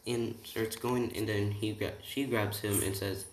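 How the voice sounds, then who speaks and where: A man casually retelling a fan story in a rambling, halting way with many restarts. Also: fairly low pitch, fairly even intonation. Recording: roomy room, distant mic, faint hiss.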